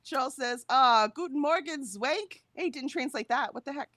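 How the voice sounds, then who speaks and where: A woman's voice: sits high, lively intonation, normal speed, fairly bright tone, no room sound. A woman co-hosting a casual stream, chatting and reading viewer comments aloud, laughing often. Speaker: co-host of a productivity stream. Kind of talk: casual chat reading out live chat.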